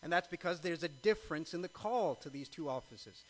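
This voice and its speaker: High-voiced man preaching a sermon. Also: expressive, a little fast, low-quality recording. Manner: emphatic, with frequent rhetorical questions. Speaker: pastor.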